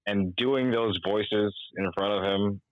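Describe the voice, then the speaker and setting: Young man, voice actor guest, very low pitch, animated chatter, dry sound. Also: slow, dry recording, narrow, tinny audio. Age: young adult. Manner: animated, breaks into character voices. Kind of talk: casual interview.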